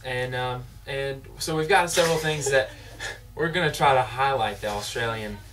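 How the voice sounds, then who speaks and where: A wry, halting co-host lays out the show's segments at a mid pitch. He sits back from the mic, so his voice sounds distant. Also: background noise. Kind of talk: introducing a web show. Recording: voice from afar.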